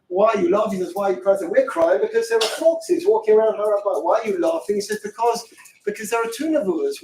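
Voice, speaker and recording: A man's voice: extremely high pitch, a little hiss or hum. Man, middle-aged, Torah teacher, impassioned, rhetorical questions, distant mic, roomy echo. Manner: fervent, many rhetorical questions, bursts into shouting. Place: classroom. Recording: echoey room from far off.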